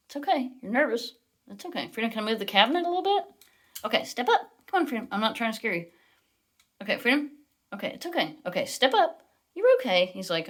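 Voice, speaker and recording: A woman filming a casual home vlog in her bathroom, coaxing her parrot in high sing-song baby talk between chatty asides. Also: big pitch swings, fast, a bit bright. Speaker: vlogger, parrot owner. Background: faint running tap water.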